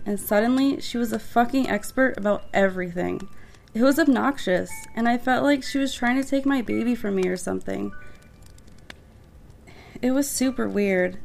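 A woman's voice: fairly high pitch, gravelly, a little mellow. A woman playing a bitter young mother. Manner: defensive, resentful storytelling.

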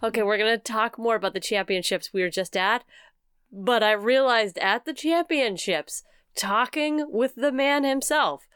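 A woman, co-hosting a podcast in casual chat, giggly and quick to poke fun at herself. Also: on the high side, fairly bright tone, smooth, no echo, studio quality. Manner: giggly, self-mocking. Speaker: podcast co-host.

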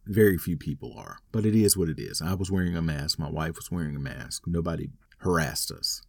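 A man's voice: low-pitched, brisk, vocal fry, no room sound. A man telling a rambling, wry personal story in a casual monologue. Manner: rambling, wry, self-deprecating.

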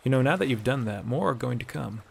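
A man's voice: medium pitch, expressive, quick pace, gravelly, a little mellow, slight background noise. A man voicing a young male hunter with a dry, wry way of talking.

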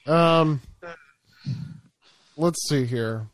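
A man's voice: fairly high pitch, very slow, dry recording. A young man co-hosting a podcast in casual chat, laid-back and laughing often. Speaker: podcast co-host.

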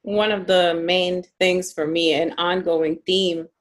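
A woman with a fairly low voice talks in a chatty, casual way. She laughs easily and uses plenty of fillers. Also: steady tone, slow pace. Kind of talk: casual conversation.

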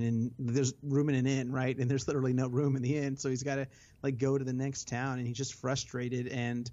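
A man's voice: mid-range voice, vocal fry, a little mellow. A man co-hosting a casual book discussion podcast, thinking aloud with many hesitations and fillers. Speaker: podcast co-host. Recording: slightly dull lo-fi audio.

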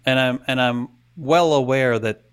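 A man's voice: medium pitch, a little slow, clean tone. A man co-hosting a podcast in casual chat, telling stories in a rambling, self-interrupting way. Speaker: podcast co-host.

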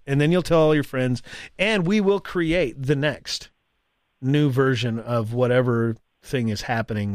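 A man's voice: medium pitch, no echo, studio quality. A man co-hosting a podcast in casual chat, rambling and often laughing. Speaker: podcast co-host.

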